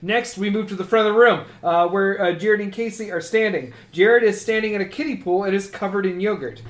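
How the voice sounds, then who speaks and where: High-voiced man reading a screenplay. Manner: halting, with frequent uh fillers. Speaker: comedy podcast co-host. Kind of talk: reading a comedy screenplay aloud. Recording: echoey room.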